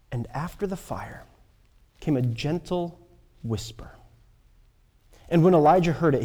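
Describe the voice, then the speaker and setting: A man preaching a sermon, swinging between loud emphatic lines and hushed, near-whispered passages. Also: fairly high pitch, long reverb tail. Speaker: pastor.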